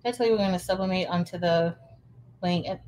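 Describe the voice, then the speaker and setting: A woman's voice: on the low side, a little fast, darkish tone. Chatty woman livestreaming. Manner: chatty, greets viewers with "y'all". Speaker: host of a crafting livestream. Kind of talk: casual livestream chat. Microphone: phone.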